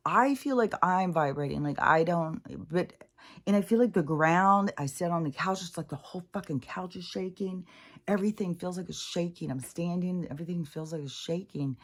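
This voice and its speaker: Low-voiced woman rambling casually. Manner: swears freely, laughs often, trails off mid-thought. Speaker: spiritual vlogger.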